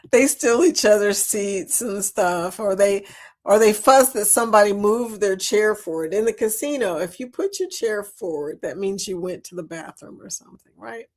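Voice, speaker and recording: At normal speed and in a mid-range voice, a woman runs a laid-back livestream, giggling and chatting as she reads what viewers have written and calls them y'all.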